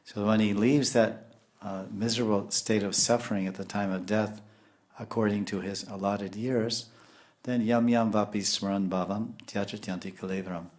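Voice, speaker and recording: A man's voice: fairly low pitch, steady tone, normal speed. A man giving a devotional lecture, explaining scripture in a storytelling way with Sanskrit terms. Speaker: spiritual teacher.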